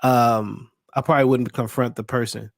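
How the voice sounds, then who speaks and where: A man's voice: mid-range voice, fairly even intonation, normal speed, creaky, no echo. Hesitant, thoughtful man, dry sound. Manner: hesitant, searches for words, restarts. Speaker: podcast co-host. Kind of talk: casual conversation.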